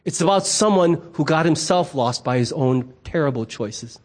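Pastor, man, middle-aged, fairly high voice; conversational sermon delivery, playful, does the voices of people in his anecdotes. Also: moderate pace. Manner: animated storyteller who acts out quoted voices; conversational and humorous.

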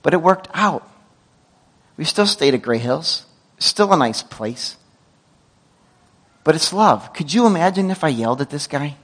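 High-voiced animated male pastor. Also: a little slow, pauses often, poor audio. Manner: animated storytelling with self-corrections and asides. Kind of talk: sermon.

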